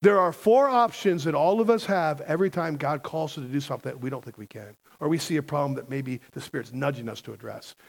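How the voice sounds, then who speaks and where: A man's voice: on the high side, quick pace, creaky, few pauses. A man preaching a sermon as a pastor, emphatic and conversational, often asking the congregation questions.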